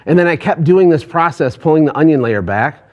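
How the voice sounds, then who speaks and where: A man's voice: on the high side, animated, fairly quick, darkish tone, highs cut off. A man, a business coach, giving a passionate motivational talk to an online audience, pushing hard with rhetorical questions.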